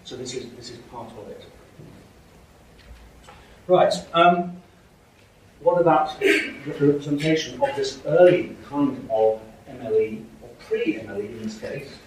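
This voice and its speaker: A man's voice: medium pitch, unhurried, slight background noise. A man giving a university lecture, hesitant with frequent fillers and restarts. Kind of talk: academic lecture. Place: lecture hall. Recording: echoey hall from far off.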